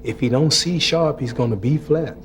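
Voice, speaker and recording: A man's voice: medium pitch, normal speed. A man appearing as a talk show guest, bragging and joking playfully. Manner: boastful, joking. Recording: hissy old TV broadcast.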